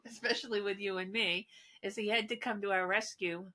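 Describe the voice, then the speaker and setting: Calm middle-aged woman in casual chat. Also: mid-range voice, brisk. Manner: calm, short agreeing interjections. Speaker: podcast co-host, mother of the other host.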